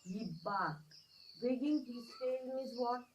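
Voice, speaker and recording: Brief: Indian-accented woman teacher, fairly high pitch, patient, repeats and quizzes the class. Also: takes it slowly, a little hiss or hum, low-quality recording. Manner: repetitive, checks understanding with questions. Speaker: schoolteacher. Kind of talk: English lesson story reading.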